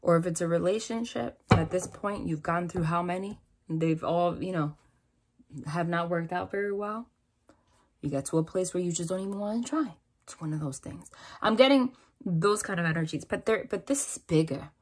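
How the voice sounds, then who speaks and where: A tarot reader with a lowish, darkish voice speaks to camera at a moderate pace, giving a tarot and angel-message reading. She's chatty and reassuring, using lots of "like" and "right?".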